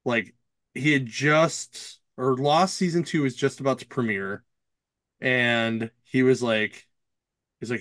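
Man, casual podcast chat, rambling storyteller, dry close sound, middle pitch. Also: unhurried, dry recording. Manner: rambling storyteller, animated quoted voices. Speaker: podcast co-host.

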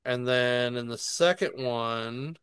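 A man in casual podcast chat, retelling a show in an animated way and swearing freely. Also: medium pitch, takes it slowly, clean tone, no room sound. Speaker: podcast co-host.

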